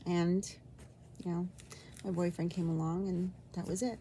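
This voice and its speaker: A woman vlogging about her own love life, talking in a halting, rambling way with many restarts and an emotional, sometimes near-whispered delivery. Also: fairly low pitch, little pitch movement, mellow, a little hiss or hum. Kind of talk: personal storytelling vlog.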